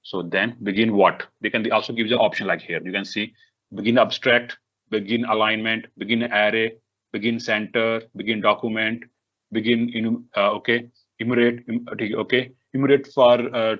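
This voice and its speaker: A man leading a live software tutorial for a workshop, talking in halting bursts with many fillers, restarts and repeated "okay"s. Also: fairly low pitch, fairly even intonation. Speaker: workshop instructor. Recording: dull lo-fi recording.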